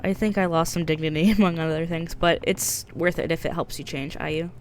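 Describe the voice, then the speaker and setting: A woman's voice: sits low, fairly even intonation, a little fast, a little hiss or hum, natural voice. A woman voicing a scornful young dominatrix. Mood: apologetic. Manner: scornful, commanding. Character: timid young woman turned haughty dominatrix. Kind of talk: reading game dialogue aloud on stream.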